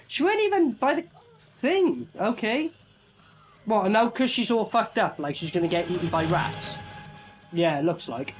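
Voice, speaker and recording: A man reacting to a movie as it plays, sweary and animated, tossing out laughing asides. His pitch swings widely as he talks. The film's music sits clearly underneath his voice. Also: normal speed. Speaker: movie reviewer. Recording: film soundtrack playing behind.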